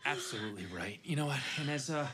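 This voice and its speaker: An actor playing a joking male agent who talks fast and easily. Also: mid-range voice, lively intonation, a crowd in the background, close to an everyday voice. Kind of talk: TV drama acting. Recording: TV soundtrack with loud music underneath.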